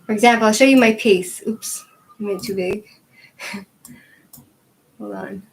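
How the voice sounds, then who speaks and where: A woman with a medium-pitched, steady voice and some vocal fry talks at a measured pace, recorded on poor audio with a little hiss or hum. She hosts a tarot channel and is chatting casually at home with her dog while showing yoga moves, a little out of breath as she tries the stretches. She rambles, laughs often, and says "like" a lot.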